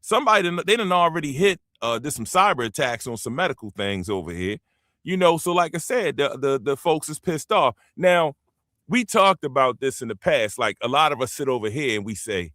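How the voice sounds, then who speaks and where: A medium-pitched American man talks fairly quickly on his own show, recorded dry with clean studio sound. Animated and emphatic, he rambles through casual opinion commentary and addresses listeners directly.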